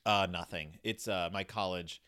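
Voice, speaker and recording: A man's voice: deep voice, steady tone, normal speed, bright, forceful tone, clear, resonant tone. A man from Texas, a host casually reviewing a children's book, chatty and rambling with many fillers and restarts. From United States (Texas).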